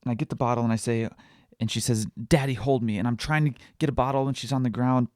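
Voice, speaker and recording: A man in his thirties hosting a parenting podcast, talking candidly in a halting, reflective way with many fillers and restarts. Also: mid-range voice, steady tone, smooth, dry recording, clean studio sound. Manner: quietly emotional, reflective. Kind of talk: confessional solo podcast monologue.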